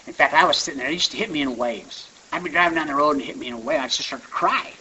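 A man's voice: fairly high pitch, rapid-fire, bright, forceful tone. A man giving a rambling, conversational personal testimony at a recovery meeting. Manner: conversational, rambling with restarts and asides. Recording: dull lo-fi recording with faint hiss.

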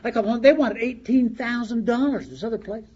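A man telling his story to an audience in a wry, animated way, laughing along as he goes. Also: very high-pitched, a little fast, breathy edge, lo-fi sound. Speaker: speaker sharing his recovery story.

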